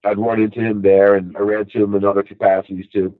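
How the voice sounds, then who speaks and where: This middle-aged Long Islander talks fast in a lowish voice that barely moves in pitch. His casual monologue wanders, filled with "you know"s, and the recording is tinny like a phone call, without any room sound.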